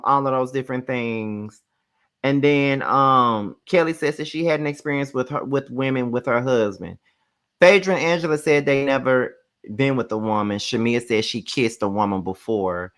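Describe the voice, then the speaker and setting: A woman's voice: very deep voice, fairly bright tone. A woman giving a casual live review of a reality show, blunt, profane and exasperated, repeating her points for emphasis.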